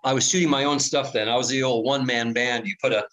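Older man telling animated stories. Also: medium pitch. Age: 60s. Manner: animated, acts out quoted voices, many filler pauses. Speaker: interview guest, former TV reporter. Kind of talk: casual anecdotal storytelling.

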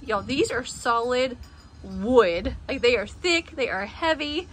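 A woman with a slightly high voice walks her phone camera around her front porch in a casual home decor walkthrough. She is chatty and upbeat, laughing often and letting excited squeals slip out. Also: a little slow, background noise. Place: outdoors on a front porch and yard.

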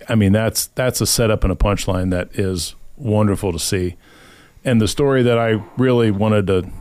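A man's voice: lowish voice, no echo. A man hosting a podcast, casually retelling a scripture story and acting out the people's voices in quotes. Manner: animated storyteller who acts out voices in quotes. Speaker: podcast host.

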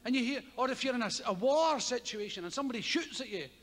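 A Scottish man doing stand-up comedy, telling a story with heavy swearing and loud yelped sound effects. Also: very high-pitched, quick pace. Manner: animated, profane, loud vocal sound effects. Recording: live hall with audience ambience.

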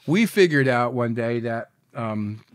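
A man being interviewed as a guest, telling profane, animated stories in a casual chat. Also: mid-range voice, a little slow, smooth, no room sound, studio quality.

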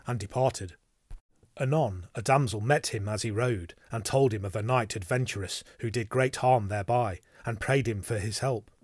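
A man narrates an audiobook, telling the story in an even, measured way. His voice sits in the mid-range, and the studio sound is clean with no room tone.

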